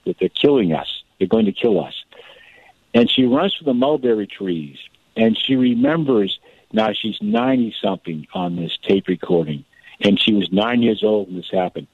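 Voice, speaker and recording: A man, a guest author, telling a family story in a radio interview, animated and often repeating words as he goes. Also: medium pitch, normal speed, gravelly, dry recording. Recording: tinny phone line.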